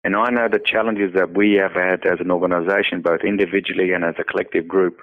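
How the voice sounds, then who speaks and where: Man, very low monotone voice, earnest storyteller, tinny phone-line sound. Interview guest. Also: quick pace. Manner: earnest, repeats words, many "you know" fillers. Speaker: nonprofit founder, interview guest. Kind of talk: personal storytelling in conversation.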